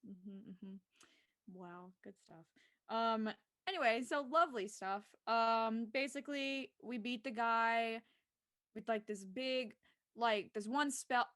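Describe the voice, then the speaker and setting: Bubbly high-voiced woman gushing about TV. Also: takes it slowly, fairly bright tone, dry recording, studio quality. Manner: bubbly, gushing, lots of fillers. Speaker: podcast co-host. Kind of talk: casual fan discussion.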